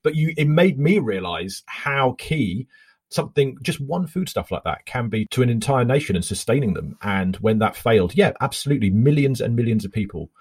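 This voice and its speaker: A man who is a comedian and writer, chatting casually as a podcast guest with quick self-interrupting speech. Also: medium pitch, lively intonation, darkish tone, breathy edge. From Britain. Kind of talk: casual chat.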